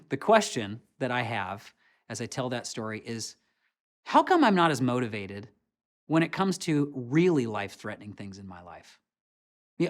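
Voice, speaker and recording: A man's voice: medium pitch, a bit bright. A man telling a personal story in a conversational motivational talk, with casual fillers. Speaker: speaker giving a motivational talk.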